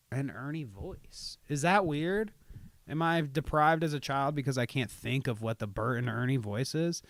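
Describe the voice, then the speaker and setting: A man's voice: mid-range voice, no room sound, clean studio sound. A young man hosting a casual livestream podcast, ranting sarcastically with lots of swearing. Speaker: podcast host.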